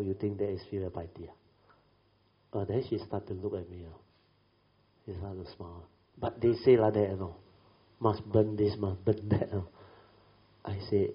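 Man, middle-aged, low voice, Buddhist talk, chatty storytelling, tag questions, muffled lo-fi sound. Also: moderate pace, pauses often. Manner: chatty, tag questions, laughs while telling. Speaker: Buddhist teacher. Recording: dull lo-fi recording.

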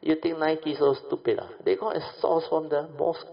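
A man's voice: fairly high pitch, little pitch movement, normal speed, creaky. A man giving an informal lecture to an audience, lecturing with rhetorical questions and tag particles. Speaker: speaker addressing an audience. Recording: dull lo-fi recording.

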